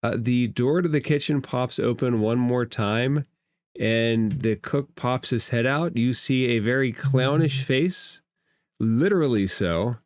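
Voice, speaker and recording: A man running a tabletop game as game master, narrating slowly. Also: medium pitch, no room sound, clean studio sound.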